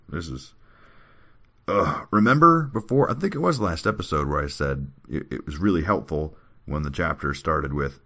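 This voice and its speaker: Deep gravelly man reading scripture wryly. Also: bright, forceful tone. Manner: reads scripture aloud, breaks off for wry joking asides. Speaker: podcast host. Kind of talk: casual scripture-reading podcast.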